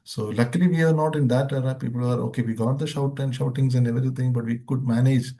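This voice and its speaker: A man's voice: medium pitch, fairly even intonation, quick pace, warm tone. A man, a behavioral trainer who once worked in IT, speaking in a loose, rambling way in an interview, often saying "see, imagine" and "you know". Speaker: behavioral trainer, formerly in IT and airlines. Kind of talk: interview conversation.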